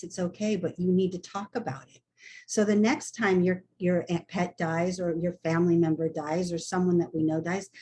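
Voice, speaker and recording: A woman's voice: lowish voice, darkish tone, husky. An older woman, a hospice nurse, talking frankly and plainly as a guest on a video call. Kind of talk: casual chat on a video call.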